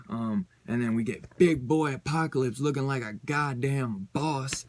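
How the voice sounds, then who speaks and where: A man's voice: mid-range voice, measured pace, no room sound. Guy rambling through a comic review, lots of uh and like, some cussing, dry room. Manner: rambling and loose, with many fillers and casual swearing. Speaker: comic book YouTuber. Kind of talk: casual comic book review.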